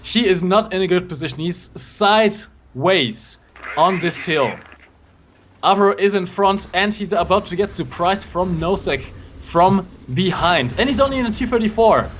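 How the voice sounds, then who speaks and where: A man's voice: sits high, animated, measured pace, fairly bright tone. A male esports caster with a slightly raised voice, confident and showy. He talks straight to the viewers in a playful way. A faint hiss runs under the live broadcast. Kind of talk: live match commentary.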